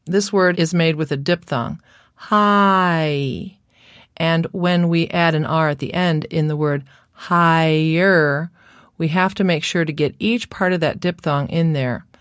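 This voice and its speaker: A woman delivers a scripted lesson on speech therapy at an unhurried, deliberate pace. Her voice sits low. The recording is dry and close, with no room sound. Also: fairly even intonation, no room sound. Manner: slow, careful, demonstrates sounds. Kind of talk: scripted instructional narration.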